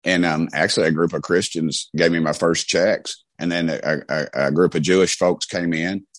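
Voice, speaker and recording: Man, middle-aged, East Tennessee Southern accent, very deep voice, dry close sound, folksy, rambling. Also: fairly even intonation, normal speed, no echo. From Knoxville, Tennessee. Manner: rambling, folksy, many restarts. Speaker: congressman guest. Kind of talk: casual storytelling interview.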